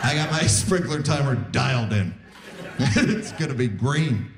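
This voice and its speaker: A man's voice: medium pitch, expressive, unhurried, music in the background. A man in his forties performing a self-deprecating stand-up set on a live stage, acting out other people's voices. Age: 40s. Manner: self-deprecating, acts out voices of wife and doctors. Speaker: stand-up comedian. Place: live theatre stage with audience. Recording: live stage recording with crowd noise. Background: audience laughter.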